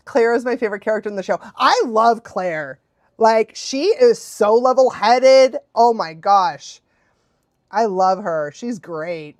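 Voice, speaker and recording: Bubbly, animated woman streamer. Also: fairly high pitch, a little slow, no room sound, clean studio sound. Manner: bubbly, chatty, laughs often. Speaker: dog trainer streaming live. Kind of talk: casual live-stream chat.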